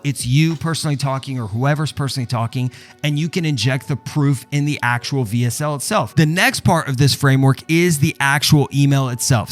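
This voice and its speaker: A man teaching copywriting in a step-by-step walkthrough, emphatic and checking in often with the listener. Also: mid-range voice. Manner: emphatic, explains step by step with repeated "okay?" check-ins. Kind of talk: screen walkthrough tutorial.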